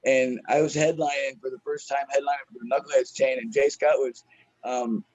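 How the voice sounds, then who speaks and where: A man's voice: mid-range voice, level tone, brisk, a little mellow, muffled recording. A man who is a stand-up comedian, telling a story in a casual, profane, slangy way and laughing often.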